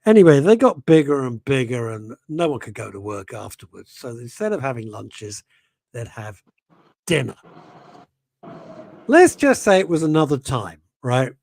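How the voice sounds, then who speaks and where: Lively teasing man on radio. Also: mid-range voice, normal speed, vocal fry, no echo, studio quality. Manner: teasing, interrupting, anecdotal storyteller. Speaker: radio host. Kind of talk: casual on-air banter.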